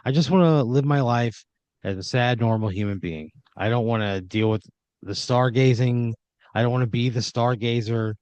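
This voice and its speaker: A man's voice: mid-range voice, moderate pace, a little mellow, smooth, dry recording, muffled recording. A man in an improvised comedy podcast, sounding exasperated and swearing often. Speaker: improv player.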